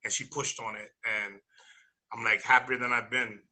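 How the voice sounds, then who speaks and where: Energetic man with a very bright voice. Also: mid-range voice, normal speed. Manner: earnest, repeats words when emotional. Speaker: guest. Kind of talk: heartfelt personal testimony.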